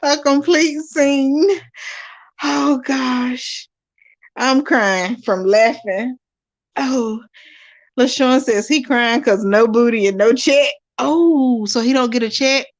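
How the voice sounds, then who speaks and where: A woman hosting a live watch-along, reading viewer comments aloud and chatting casually to her audience, animated and quick to laugh. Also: fairly high pitch, highs cut off. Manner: animated, laughs often, talks straight to viewers. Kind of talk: casual live-stream chat.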